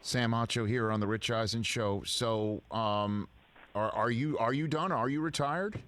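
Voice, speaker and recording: A man hosting a sports talk show, asking a guest questions with halting, searching phrasing. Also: medium pitch, fairly bright tone. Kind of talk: interview questions.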